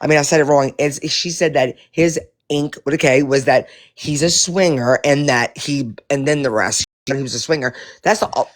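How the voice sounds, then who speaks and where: A man giving casual commentary to his viewers, animated and profane, rambling with many restarts. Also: mid-range voice, moderate pace, hardly any pauses. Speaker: live-stream commentator.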